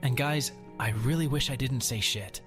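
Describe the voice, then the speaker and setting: A man's voice: medium pitch, moderate pace, fairly bright tone, faint music behind. A man narrating a Reddit post aloud in a wry, sardonic manner.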